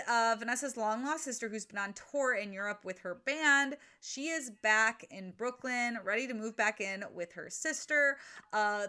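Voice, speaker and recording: A woman's voice: a little high, pushed and bright. A young woman co-hosting a podcast, recapping a book in casual, jokey chat and acting out characters in silly voices. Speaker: podcast co-host.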